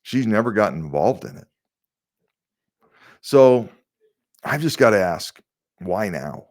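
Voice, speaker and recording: A man's voice: fairly low pitch, sing-song, takes it slowly, darkish tone. A man hosting his own political commentary show, talking conversationally with rhetorical questions and frequent fillers. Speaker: state senator hosting a political video series. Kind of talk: casual political commentary to camera.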